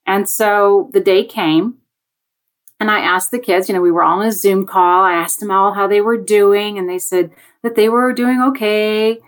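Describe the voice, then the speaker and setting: Woman guest, mid-pitched, animated storyteller who does the quoted voices, on a video call. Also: normal speed. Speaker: education guest on a panel. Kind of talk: conversational storytelling.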